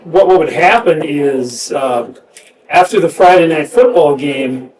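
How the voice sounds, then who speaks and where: Middle-aged man, casual chat, halting, reflective, somewhat high voice, distant mic, faint room noise. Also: crowd noise. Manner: halting, reflective, many restarts. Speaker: former player reminiscing.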